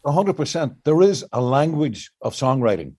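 Older man, mellow voice, songwriter explaining craft. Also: medium pitch, very animated, moderate pace, husky. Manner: explains at length with many restarts, sings fragments to illustrate. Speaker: songwriter guest. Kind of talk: reflective interview answers.

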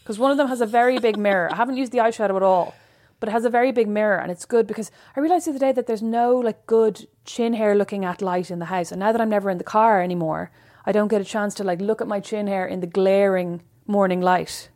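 A woman co-hosting a podcast, chatting in a teasing, animated way. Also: mid-range voice, quick pace, no room sound, studio quality. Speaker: podcast co-host. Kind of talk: casual chat.

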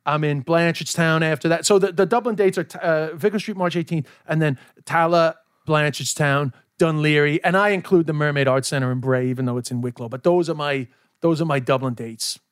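Animated swearing comedian in his forties. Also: a little high, fairly quick, clear, resonant tone, no echo, studio quality. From United States. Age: 40s. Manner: animated, swears a lot, slips into put-on voices. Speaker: comedian guest. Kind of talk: casual podcast chat.

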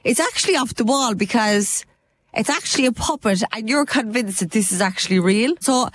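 An Irish woman in her thirties with a Cork accent, talking through a blocked-up nose. She co-hosts a casual podcast and tells stories in an animated, chatty way, and her pitch swings high and low. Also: no room sound. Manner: chatty, animated storyteller, quick laughs. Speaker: podcast co-host. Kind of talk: casual chat.

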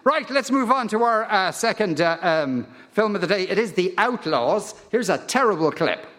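A man hosting a live radio show in front of an audience, jokey and quick with interjections. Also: high voice, sing-song, noisy background. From Ireland. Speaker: radio host. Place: hotel function room, live audience. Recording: live event in a hall, crowd behind.

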